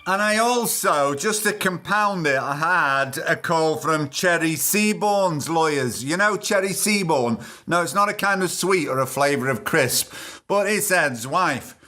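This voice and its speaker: A man hosting a comedy podcast. He talks in a chatty, wry way and wanders off into rambling asides. His voice is fairly high and bright. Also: lively intonation, measured pace. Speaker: podcast host.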